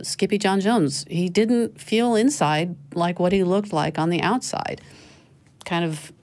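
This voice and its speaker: A middle-aged woman hosts a casual panel discussion, with a low, grounded voice. She talks freely, laughs easily and corrects herself on the fly. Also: a little mellow. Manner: chatty, laughing, self-correcting. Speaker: show host.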